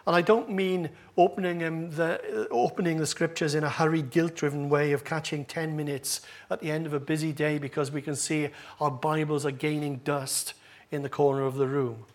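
A man's voice: a little high, little pitch movement, moderate pace, hardly any pauses. A male pastor preaching a sermon to his congregation, with a humorous, self-deprecating manner. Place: church with congregation. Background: congregation laughing.

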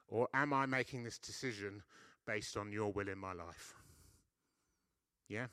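A man's voice: medium pitch, a bit bright, no room sound, studio quality. A man giving a conversational sermon as a preacher, often checking in with his listeners and poking fun at himself. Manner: conversational, self-deprecating, frequent "yeah?" checks. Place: church.

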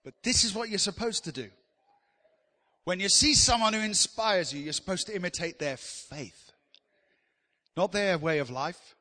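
A man's voice: high-pitched, lively intonation, normal speed, long pauses, sharp tone, big-room sound. A man preaching a sermon in a chatty, joking way, teasing the congregation.

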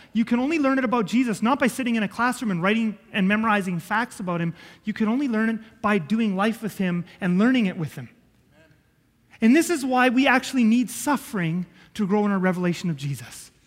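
A man with a high voice preaching to a congregation, telling the story with animated swings from loud bursts to quiet asides. His voice carries a long reverb from a church hall. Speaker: pastor. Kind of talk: sermon.

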